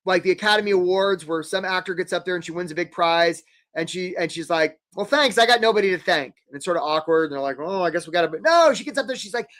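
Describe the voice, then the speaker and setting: A man hosting a live career webinar, energetic and jokey, acting out quick little quoted voices. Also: high voice.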